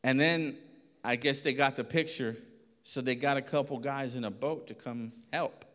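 A pastor telling a lively story in a sermon, acting out voices and laughing often. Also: male voice, medium pitch, moderate pace. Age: adult. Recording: long reverb of a hall.

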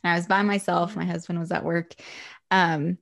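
A woman in her thirties hosts a casual chat, relaxed and quick to giggle. Her voice sits fairly low with a gravelly fry at the edges. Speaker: podcast host.

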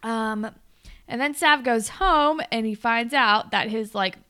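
A woman's voice: fairly high pitch, slow pace, pushed and bright, smooth. A woman co-hosting a podcast, chatting casually and laughing often as she recaps a TV episode. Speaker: podcast co-host.

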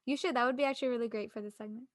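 A young woman co-hosting a casual podcast, giving quick, playful replies. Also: on the high side, fairly even intonation, no room sound, clean studio sound. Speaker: podcast co-host. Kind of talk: casual chat.

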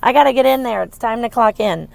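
Woman podcaster in her 30s, rambly and chatty, bit of vocal fry. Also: a little high, fast, dry recording. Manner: rambling, chatty, laughs easily. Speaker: podcast host. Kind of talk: casual solo podcast chat.

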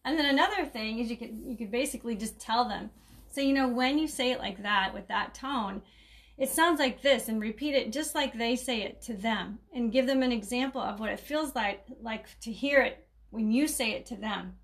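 A woman's voice: a little high, normal speed. A middle-aged woman hosting a casual caregiving podcast, chatty and rambling, laughing often and restarting her sentences. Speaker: caregiving coach and podcast host. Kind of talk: casual solo podcast talk.

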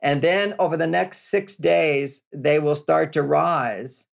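Older man with a gravelly voice giving advice. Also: a little high, slow. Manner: explanatory, repetitive, emphatic. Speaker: relationship author, guest. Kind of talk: interview advice talk.

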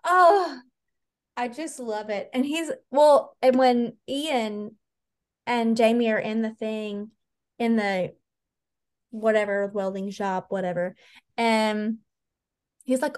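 Podcast co-host, woman, higher voice, gushing and profane. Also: slow pace. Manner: excitable, swears freely, acts out scenes. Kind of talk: casual chat.

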